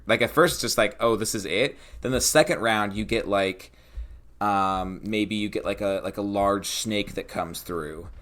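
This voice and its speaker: A young man co-hosting a tabletop gaming podcast, brainstorming excitedly with lots of filler words. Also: fairly low pitch. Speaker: podcast co-host and dungeon master. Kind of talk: casual brainstorming chat.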